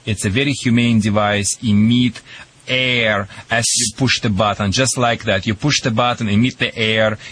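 A man's voice: fairly low pitch, normal speed, breathy edge, no room sound. Russian-accented man hosting pet advice. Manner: lively, joking, non-native phrasing. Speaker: dog trainer and radio host. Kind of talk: radio call-in advice.

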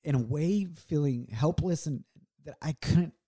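Mellow-voiced man telling a heartfelt story. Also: on the high side, a little slow. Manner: earnest and reflective. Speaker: podcast co-host.

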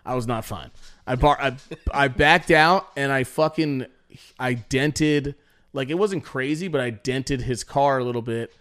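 A man's voice: medium pitch, measured pace, a bit bright. A young man co-hosting a podcast, telling rambling, profane stories and quoting people in put-on voices. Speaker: podcast co-host. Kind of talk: casual storytelling chat.

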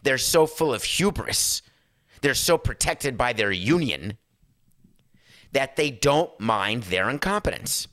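A middle-aged man with a hoarse voice, ranting emphatically and sarcastically as a sports talk show host. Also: mid-range voice, lively intonation, slow, a bit bright, no echo, clean studio sound. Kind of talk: impassioned talk-show rant.

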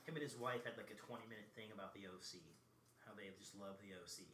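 A man's voice: fairly low pitch, steady tone, crowd noise. A man co-hosting a podcast, teasing his partner in a dry, casual way. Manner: dry, teasing, quick interjections. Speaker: podcast co-host. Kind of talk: casual chat.

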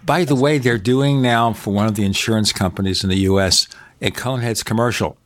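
A man's voice: lowish voice, a little fast, a bit bright, no room sound. An older American man co-hosting a casual chat, telling movie and TV trivia with enthusiasm. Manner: chatty, enthusiastic storyteller. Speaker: co-host.

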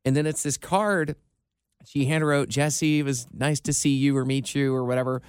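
A man's voice: mid-range voice, fairly even intonation, moderate pace, smooth, dry recording. A male radio host in a studio, telling stories in a casual, self-deprecating way. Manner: chatty, storytelling, self-deprecating. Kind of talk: casual on-air chat.

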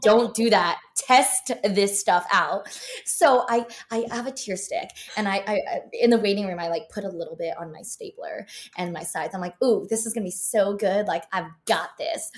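A young woman, an actress, chatting casually in an interview and telling an animated story with lots of filler words. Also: mid-range voice, moderate pace. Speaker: actress guest.

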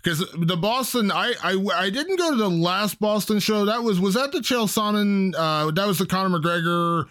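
A man's voice: high-pitched, normal speed, hardly any pauses, a bit bright. A man hosting an interview, chatty and enthusiastic, asking leading questions. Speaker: podcast host. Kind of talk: casual interview chat.

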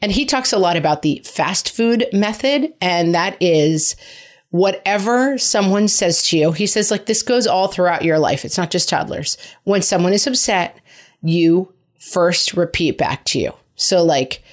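A woman's voice: fairly low pitch, lively intonation, a little slow. A woman hosting a parenting podcast, giving frank, chatty advice and poking fun at herself. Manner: frank, chatty, self-mocking. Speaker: podcast host answering parenting questions. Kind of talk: casual advice chat.

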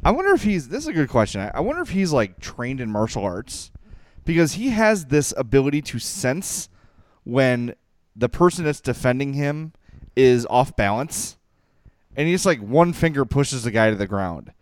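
A man co-hosting a sports podcast chats in an animated, excitable way, and his pitch swings widely. His voice is smooth and clear. The recording is dry and close. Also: moderate pace, no echo. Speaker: podcast co-host. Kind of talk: casual sports chat.

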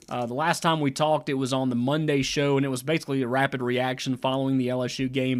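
A man hosting a sports podcast in casual chat, asking long rambling questions full of fillers. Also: medium pitch. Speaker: podcast host.

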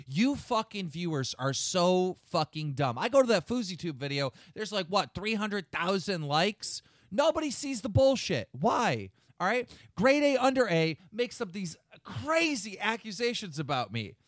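A man's voice: sits high, sing-song, unhurried, hardly any pauses, fairly bright tone, dry recording. Angry ranting man, dry close sound. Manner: angry, profane, lecturing. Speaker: show host. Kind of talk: heated podcast rant.

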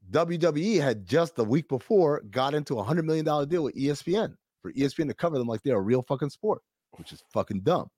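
Animated, profane man telling a story. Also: on the high side, no room sound, studio quality. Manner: animated storytelling, profane, quotes others in voices. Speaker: podcast co-host. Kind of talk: casual chat.

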